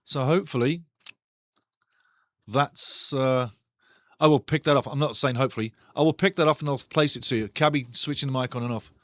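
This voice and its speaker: A man hosting a live football watchalong, calling the match excitedly and reading chat messages aloud. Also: medium pitch, a little fast, no room sound, studio quality. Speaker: watchalong host. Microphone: studio mic.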